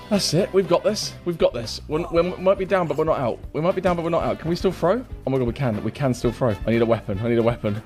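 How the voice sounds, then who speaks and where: A man streaming a fighting game, reacting loudly, repeating himself and laughing often. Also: medium pitch. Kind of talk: excited gameplay commentary.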